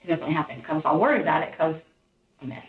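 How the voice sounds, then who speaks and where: Woman, rambling and halting, quick speech, thin phone-like sound, echoey room. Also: low voice, animated. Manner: rambling, halting, quotes others in a raised voice. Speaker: interviewee in police interrogation footage. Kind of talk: recounting events in an interview. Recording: distant, echoey, phone-like interrogation room audio.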